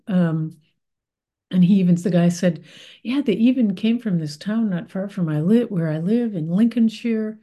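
A woman's voice: medium pitch, normal speed, warm tone. An American woman, middle-aged, giving a reflective spiritual talk in a thoughtful, meandering way with many fillers and restarts. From United States.

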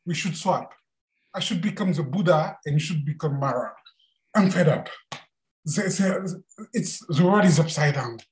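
A man's voice: fairly high pitch, animated, measured pace, a little mellow, echoey room, pitched above the performer's own voice, low-quality recording. A man voicing an exasperated male demon tempter who pleads about his troubles.

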